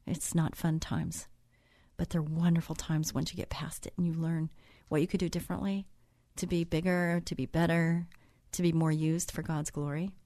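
A woman's voice: on the low side, darkish tone, dry recording, studio quality. A woman hosting a Christian talk show, talking in a chatty, encouraging way and drifting into personal stories. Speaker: host.

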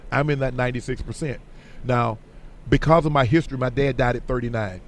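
Middle-aged male radio guest, emphatic and animated, voice going hoarse, light background hum. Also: mid-range voice, fairly quick. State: voice getting hoarse. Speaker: guest, former football player. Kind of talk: radio sports interview.

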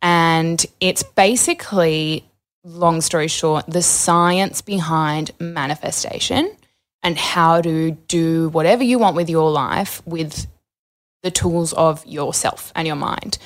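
A young adult woman appears as a podcast guest, speaking slowly in a low voice. Her talk is candid and casual, rambling and chatty, and packed with fillers.

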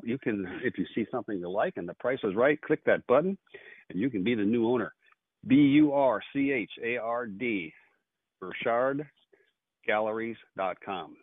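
A man hosting a call-in radio show with fast, upbeat auctioneer patter. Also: lowish voice, breathy edge, dry recording. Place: radio studio. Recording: phone-like narrow band.

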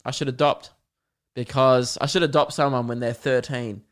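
A man's voice: mid-range voice, fairly even intonation, moderate pace, smooth. A young man hosting a podcast, rambling in a crude, joking way and acting out little scenes. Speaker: podcast host. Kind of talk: casual comedic monologue.

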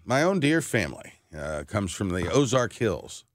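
A man's voice: lowish voice, big pitch swings, normal speed, dry recording. A man co-hosting a morning radio show, giving dry, wry replies in casual banter. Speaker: radio co-host. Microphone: studio microphone.

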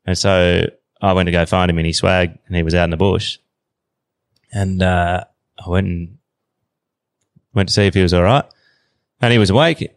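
A man in his thirties with an Australian accent, telling a story as a podcast guest in a relaxed, slangy way. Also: low voice, moderate pace, pauses often, dry recording. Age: 30s. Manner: relaxed yarn-spinning, slangy. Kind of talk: casual storytelling.

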